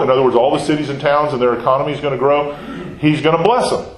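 A man's voice: mid-range voice, fairly even intonation, racing, few pauses. A man teaching a Bible study, talking conversationally and putting questions to the class. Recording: echoey room.

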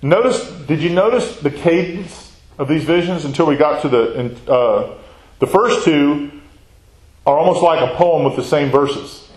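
A man's voice: fairly high pitch, unhurried, a little mellow, roomy sound, rough recording. A man teaching a Bible study class, reading scripture aloud and then explaining it in a conversational way, often asking his listeners questions. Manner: conversational, quizzes the class with questions and tags "right?".

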